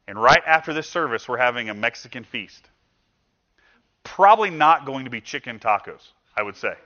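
Bright-voiced man preaching conversationally. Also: mid-range voice, normal speed. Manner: conversational, animated, acts out quoted voices. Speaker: pastor. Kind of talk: sermon. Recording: dull lo-fi sound.

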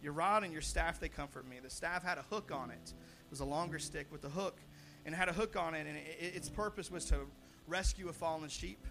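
A young man preaching a sermon as pastor, animated, with frequent restarts and repeated words, swelling loud on his points. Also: on the high side, brisk, vocal fry, few pauses, over music.

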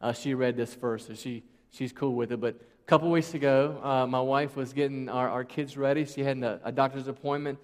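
A man's voice: mid-range voice, steady tone, brisk, few pauses, a little mellow. A man in his thirties preaching a sermon, conversational and emphatic, with many rhetorical questions. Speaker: pastor. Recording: long reverb of a large hall.

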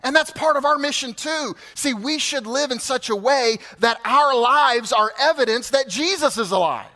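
A man in his fifties, a pastor preaching a sermon, animated and building to emphatic peaks. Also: extremely high pitch, normal speed. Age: 50s. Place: church sanctuary.

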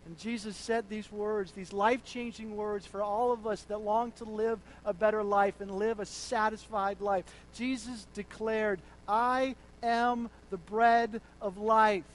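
A man preaching a sermon, dropping to hushed tones and then rising to loud, emphatic declarations. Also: sits high, fairly even intonation, moderate pace, few pauses, rough recording.

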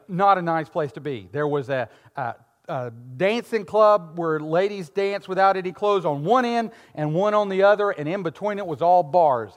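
An older man preaching a sermon, moving from quiet, intimate passages to shouted, fervent ones. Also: sits high. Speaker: pastor. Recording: long reverb of a large hall.

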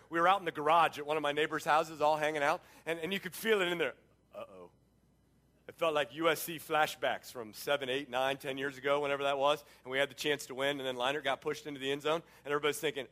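A middle-aged man preaching a sermon, telling the story in an animated way and breaking off into sports asides. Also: high-pitched. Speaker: pastor.

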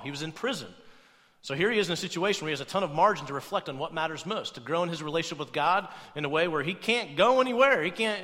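This pastor, a young adult man with a slightly high voice, sounds like he's in a big room. His sermon is conversational and animated, and he often checks in with the crowd by adding "right?"

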